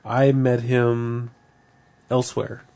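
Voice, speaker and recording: A man's voice: medium pitch, level tone, slow pace, warm tone. A man co-hosting a podcast, chatting casually and rambling, laughing often, a bit tipsy from beer. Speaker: podcast co-host. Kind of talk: casual chat.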